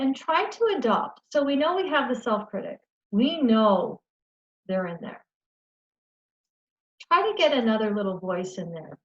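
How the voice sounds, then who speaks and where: A woman presenting a webinar for caregivers, talking in a gentle, reassuring way and often checking in with "okay?". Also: mid-range voice, highs cut off. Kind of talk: educational webinar talk.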